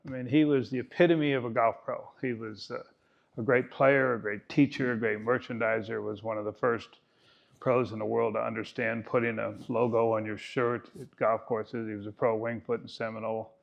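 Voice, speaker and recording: A man's voice: mid-range voice, little pitch movement, normal speed, vocal fry, dull audio. A man in his eighties giving a keynote talk as a golf coach, telling stories with folksy, self-mocking humor. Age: 80s.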